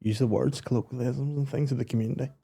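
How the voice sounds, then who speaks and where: A man guesting on a comedy podcast, trading quick, swearing banter and laughing often. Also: mid-range voice, fairly even intonation, vocal fry, dark tone, breathy edge. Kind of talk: casual comedic chat.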